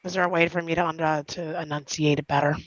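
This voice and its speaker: A man's voice: on the high side, level tone, fast, a bit bright, dull audio, slight background noise. A man playing a tabletop game, talking eagerly and cutting in. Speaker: player. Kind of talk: casual tabletop play.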